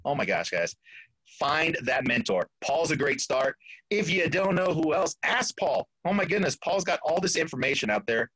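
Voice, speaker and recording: A man speaking as a podcast guest, telling a story in an animated way, acting out quoted voices and laughing often. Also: on the high side, moderate pace, husky, dry recording, rough recording. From Florida.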